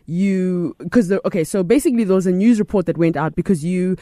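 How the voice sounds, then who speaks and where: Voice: mid-range voice, fast talker, warm tone, dry recording, clean studio sound. An interview host talking in a chatty, agreeable way and laughing along. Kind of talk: casual interview.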